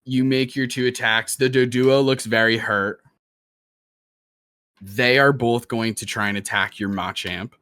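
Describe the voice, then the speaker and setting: A man's voice: mid-range voice, fairly even intonation, a little slow, pushed and bright, dry recording. A young man narrating a tabletop game as dungeon master, loose and casual. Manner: loose, casual, many fillers.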